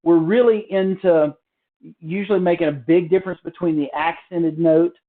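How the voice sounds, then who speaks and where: A man's voice: a little high, normal speed. Man teaching drums over a tinny line. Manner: relaxed, explanatory, with many fillers and restarts. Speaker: drum teacher. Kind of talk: casual spoken drum lesson. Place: hotel room. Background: drum practice pad.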